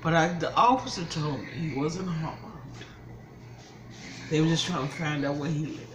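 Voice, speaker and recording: A woman's voice: low voice, moderate pace, slight background noise, low-quality recording. An older woman, a grandmother, telling an upsetting story in casual chat, tearful and angry by turns. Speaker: vlogger.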